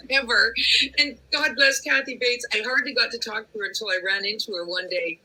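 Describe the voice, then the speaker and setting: A woman actor chatting on a fan panel, telling anecdotes with animated quoted voices. Her voice is very bright and a little husky. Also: on the high side, fairly quick, poor audio. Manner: animated storyteller acting out quotes. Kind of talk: casual panel chat.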